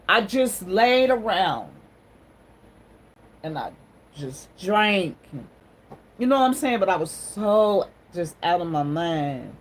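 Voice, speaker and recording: A woman's voice: medium pitch, poor audio. A woman hosting a casual livestream on her phone, greeting viewers and talking in an encouraging, sermon-like way. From Ohio. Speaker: livestream host.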